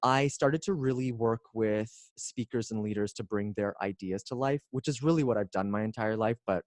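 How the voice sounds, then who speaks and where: A man in his forties, a guest on an interview show, talking in an expressive, playful way with drawn-out phrasing. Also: lowish voice, no echo, studio quality. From Canada. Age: 40s. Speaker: guest, speaker and coach. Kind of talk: casual interview chat.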